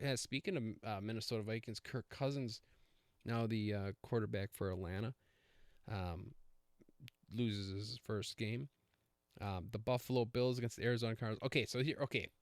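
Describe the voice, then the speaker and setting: A man's voice: mid-range voice, dry recording, studio quality. A man hosting a casual solo podcast, rambling with many fillers and self-corrections. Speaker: podcast host.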